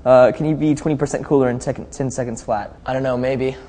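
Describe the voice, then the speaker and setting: A man's voice: medium pitch, steady tone, fairly quick, dark tone. A young man, a pop singer, chatting easily in a casual live video chat. He reads out fan questions and laughs often as he answers them. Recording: faint noise, long reverb.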